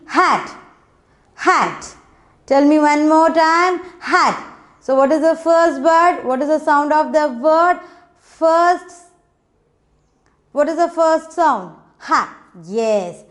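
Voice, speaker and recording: A woman leads a children's phonics class in a high voice. She talks slowly and coaxingly, repeating each sound and word over and over so the little ones can say it back. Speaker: phonics teacher.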